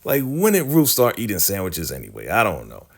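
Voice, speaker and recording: A man with a somewhat low voice recaps a TV episode in loose, casual chat. He laughs often and keeps checking in with his viewers. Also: huge pitch swings, a little fast. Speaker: TV recap vlogger.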